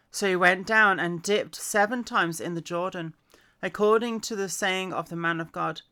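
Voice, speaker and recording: A woman's voice: on the low side, moderate pace, bright, forceful tone. A woman reading the Bible aloud in a casual way, with chatty asides, fillers and self-corrections. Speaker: reader.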